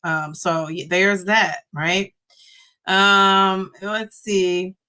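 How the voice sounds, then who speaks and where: Middle-aged lady on a livestream, bright voice, chatty, laughs a lot, reads out comments. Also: medium pitch, steady tone, drawn-out words, clear, resonant tone. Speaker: livestream host reading chat. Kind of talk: casual live chat.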